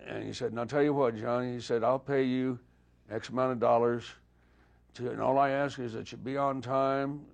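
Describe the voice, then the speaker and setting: Older man, gravelly voice, laid-back raconteur acting out old conversations. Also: mid-range voice, normal speed, highs cut off. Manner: relaxed anecdotal storytelling, voices quoted dialogue. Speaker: guest musician. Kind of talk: storytelling interview.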